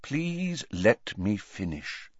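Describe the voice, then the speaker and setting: A man reading an audiobook, voicing an old headmaster wizard who speaks in a quiet, measured, patient way, recorded dry and slightly muffled. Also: fairly low pitch, big pitch swings, slightly rough, no room sound, exaggerated voice. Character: old male headmaster wizard, calm, grave and gentle.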